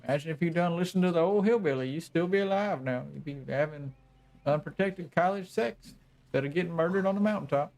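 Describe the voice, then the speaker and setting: A man's voice: fairly high pitch, fast, gravelly, a little mellow, voice pushed up. A man voicing an old backwoods hillbilly who warns people away, in a put-on rural Southern drawl with folksy, ungrammatical speech. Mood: ominous warning.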